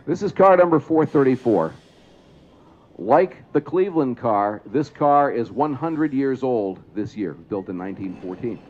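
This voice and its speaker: A man's voice: medium pitch, expressive, unhurried, darkish tone. Guy on a mic at an outdoor parade, explaining stuff to the crowd, kinda dull lo-fi sound. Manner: explanatory, asks the crowd questions. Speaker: parade announcer. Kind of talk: public address commentary to a crowd. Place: outdoors at a trolley museum event.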